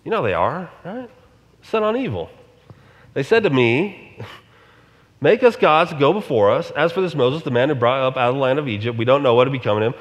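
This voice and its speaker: A man's voice: mid-range voice, animated, a little fast, long reverb tail, highs cut off, voice pushed down, natural voice. A man voicing a defensive biblical priest who brushes off the blame in a casual, dismissive way. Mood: blame-shifting.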